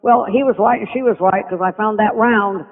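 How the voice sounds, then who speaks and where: An older woman telling stories as a podcast guest, animated and acting out the voices of people she quotes. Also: medium pitch, fairly quick. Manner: animated storyteller who acts out quoted speech. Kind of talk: reminiscing interview storytelling. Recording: tinny phone line with long reverb.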